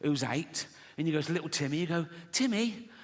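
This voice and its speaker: Brash sweary comedian in a hall. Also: male voice, a little high, steady tone, fast. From England. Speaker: stand-up comedian. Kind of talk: stand-up comedy set. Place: large theatre stage. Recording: live hall reverb with audience noise.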